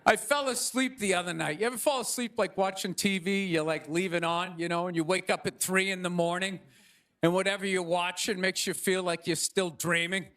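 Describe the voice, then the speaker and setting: Ranting stand-up comic with a high voice. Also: male voice, a little fast. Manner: animated, ranting, acts out quoted voices. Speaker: stand-up comedian. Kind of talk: stand-up monologue. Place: theater stage before a live audience. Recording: stage recording with crowd noise. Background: audience laughter.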